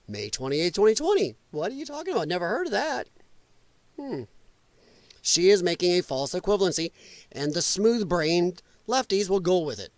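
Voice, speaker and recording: A man talking back at news clips with open sarcasm and loose swearing. His voice sits high and swings widely. The sound is dry and close. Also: big pitch swings, normal speed, dry recording. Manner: sarcastic, mocking, swears freely. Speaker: podcast host reacting to clips. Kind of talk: political commentary over clips.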